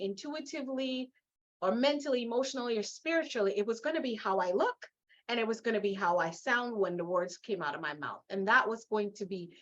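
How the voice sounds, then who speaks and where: A middle-aged woman from Guyana with a Guyanese accent, telling her story as an interview guest in an emphatic, animated way, laughing often. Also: on the high side, muffled recording. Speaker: guest, leadership coach.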